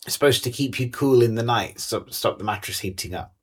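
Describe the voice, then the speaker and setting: A man's voice: medium pitch, brisk, slightly rough. A man co-hosting a podcast, arguing his case in a reasoned way and reading listener comments aloud. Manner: reasoned, argumentative, reads listener messages aloud. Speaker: podcast co-host. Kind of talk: casual chat.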